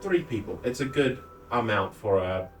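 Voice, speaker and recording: A man playing a tabletop game, chatting in a relaxed, joking way. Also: on the low side, moderate pace, distant mic, poor audio. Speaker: player. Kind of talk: casual chat at a game table.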